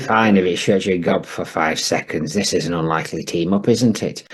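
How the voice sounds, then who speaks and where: A man's voice: low voice, normal speed. A man voicing a grumpy old man who curses and grumbles at a phone game. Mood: grudging. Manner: gruff, cursing, grumbling rants. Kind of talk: comedy podcast sketch.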